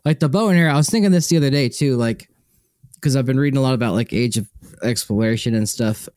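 A young man co-hosts a podcast in a casual chat, talking fast and meandering, often losing his train of thought. His voice is medium-pitched and a little mellow, with no room sound.

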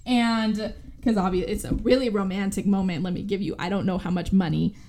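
A woman's voice: mid-range voice, steady tone, a little fast, warm tone. A woman co-hosting a podcast, recapping a movie in casual chat, acting out the characters' lines and swearing freely. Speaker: podcast co-host.

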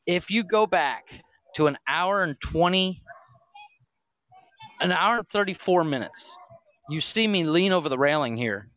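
A man chats on a podcast in a voice pitched a bit high, recorded dry and close. He swears casually and keeps breaking into laughter as he tells stories about his week. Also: animated, unhurried, long pauses, a bit bright, no echo. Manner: profane, laughing storyteller. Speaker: podcast co-host. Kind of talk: casual chat. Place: home recording room.

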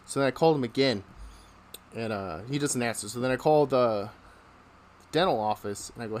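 A man hosting a relaxed podcast, telling stories in a casual way. He laughs often and acts out the people in his stories, and his pitch sits in a middle range. A faint hiss sits behind his voice. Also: fast. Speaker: podcast host. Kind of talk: casual storytelling.

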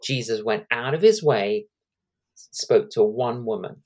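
A man in his sixties, an evangelist, telling lively anecdotes as a guest in an interview, acting out the quotes. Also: mid-range voice, unhurried. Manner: animated anecdotes with acted-out quotes.

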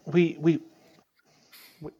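A man's voice: very slow, dark tone. A man playing a tabletop game, earnest and stammering in casual chat. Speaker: player. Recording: dull lo-fi mic.

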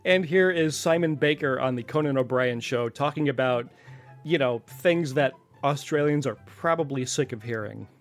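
A man hosts a casual podcast, wandering through his points and wondering aloud. His voice sits at an ordinary middle pitch. A faint bed of music runs under him. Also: normal speed. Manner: chatty, digressive, asks himself questions aloud. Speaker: podcast host. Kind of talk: casual explanatory podcast talk.

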